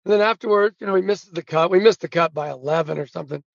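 A man with a high voice spins lively anecdotes as an interview guest, acting out the people in them and laughing along. The sound is dry and a bit dull, like a remote call. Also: fast talker, vocal fry, no room sound. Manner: animated storyteller who acts out quotes and laughs at his own punchlines. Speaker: guest, sportswriter and author. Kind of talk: casual storytelling interview.

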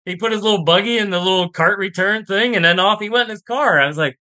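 This podcast guest, a golf instructor from Pittsburgh, USA, talks fast in a high, pushed, bright voice. The casual interview chat finds him rambling with enthusiasm, telling stories and laughing frequently.

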